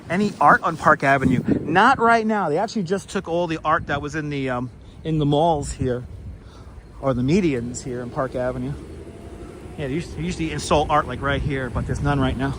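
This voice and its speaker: This walking-tour livestream host is chatty and rambly, talking to his viewers in a slightly high voice as he strolls windy city streets. Loud wind and traffic fill the background of the recording from his wireless clip-on mic.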